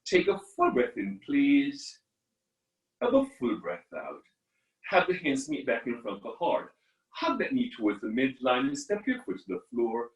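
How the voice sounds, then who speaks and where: A man teaching a live online yoga class, giving calm guiding cues to his students. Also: mid-range voice, normal speed, muffled recording. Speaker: yoga instructor. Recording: echoey room from far off.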